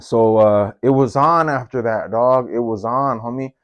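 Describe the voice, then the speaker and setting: A man at an ordinary pitch tells a personal story in loose street slang full of swearing. He keeps breaking into high, excited voices to quote people. The sound is dry and close, with no room around it. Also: a little slow, dry recording. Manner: slangy and profane, jumps into high-pitched voices when quoting. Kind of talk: casual first-person storytelling.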